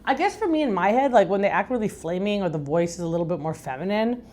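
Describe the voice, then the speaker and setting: A middle-aged woman from Iran with a deep, raspy voice, hosting a podcast in a frank, rambling, chatty way. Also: expressive, fast, a little mellow, slight background noise. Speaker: podcast host. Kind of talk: casual recap chat.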